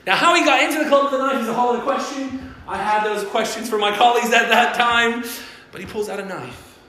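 Preaching as pastor in a church hall, this man tells stories animatedly and acts out the voices of the people in them. His pitch is extremely high, his tone sharp, and he talks fast. The recording has the roomy sound of a church hall.

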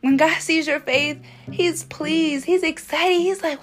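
A woman's voice: sits high, steady tone, slow. A woman hosting a faith podcast, encouraging listeners in casual, slangy speech, then praying with fervent, repeated appeals. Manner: fervent, repetitive prayer cadence. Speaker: podcast host. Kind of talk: faith podcast devotional and prayer.

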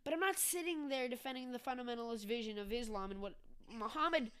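A woman hosts a casual political talk show, ranting with a sarcastic edge. Her voice is bright and forceful, and the tone is smooth and clear. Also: a little high, fast. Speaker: podcast host.

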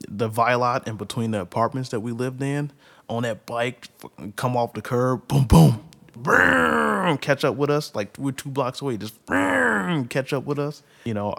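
A man's voice: medium pitch, normal speed. A man in his twenties from Illinois telling a rambling personal story, full of fillers and laughter. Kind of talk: casual personal anecdote.

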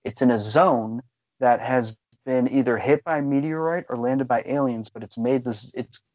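A man co-hosting a podcast, chatting casually about movies in a rambling, excitable way and swearing freely. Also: mid-range voice, normal speed, no echo, highs cut off. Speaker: podcast co-host. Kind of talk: casual chat.

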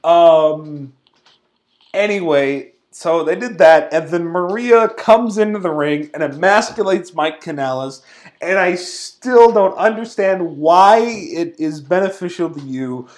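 A man co-hosting a casual podcast, recapping a show with animated, exasperated ranting. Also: on the high side, takes it slowly. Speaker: podcast co-host.

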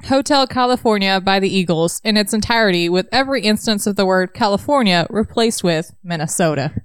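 A woman co-hosting a book podcast, summarizing chapters with dry, deadpan jokes. Her voice is smooth and clear, recorded close with a dry sound. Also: mid-range voice, brisk, dry recording. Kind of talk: casual chat summarizing a novel.

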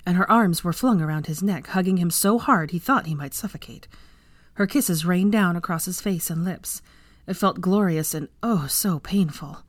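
Low-voiced woman reading a story aloud. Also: darkish tone, no room sound. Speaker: fan fiction reader. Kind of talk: audiobook narration.

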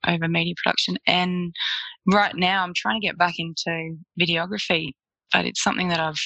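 A woman's voice: on the low side, level tone, brisk, gravelly, bright, forceful tone, no room sound, dull audio. An Australian woman, a photographer, chatting as an interview guest and telling stories with frequent laughter. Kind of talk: casual storytelling interview.

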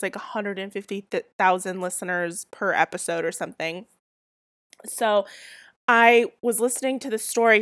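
Still getting over a cold, this young Southern Californian podcast host talks solo in a rambling, chatty way packed with fillers. Her mid-range voice comes through a dry, clean studio recording.

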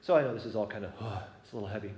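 This man's rather low, slightly mellow voice comes rapid-fire as he reflects earnestly on a personal experience before a gathering, chatting casually and repeatedly asking if it makes sense. The echoey room carries faint ambience and a little hiss or hum, with the highs cut off.

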